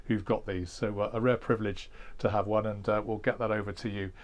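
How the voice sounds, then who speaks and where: A man's voice: on the low side, fairly even intonation, a little fast. A man hosting a classic car channel, cheerfully thanking a viewer and inviting others to send in videos. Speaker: channel host. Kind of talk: enthusiastic channel outro.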